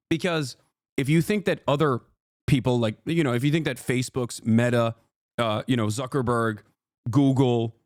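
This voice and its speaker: A man's voice: mid-range voice, no echo, clean studio sound. A man streaming live, commenting on clips in a rambling, emphatic way and talking to his chat.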